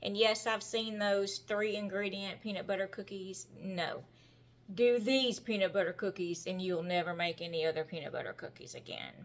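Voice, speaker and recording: A middle-aged woman with a Southern American drawl talks her viewers through a baking recipe. She is chatty and homey, with a folksy warmth in how she phrases things. She is recorded in a home kitchen. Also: medium pitch, moderate pace. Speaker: home-cooking vlogger. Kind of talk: casual cooking demonstration.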